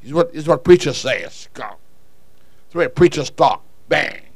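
A man preaching a sermon, swinging from quiet, low asides to shouted calls to the congregation. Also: animated, moderate pace, breathy edge, no room sound. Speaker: pastor.

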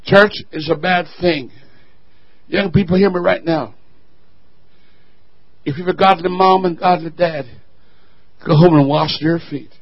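Husky high-voiced male preacher. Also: a little slow, pauses often, dull audio. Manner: call-and-response, rising to shouting. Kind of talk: sermon.

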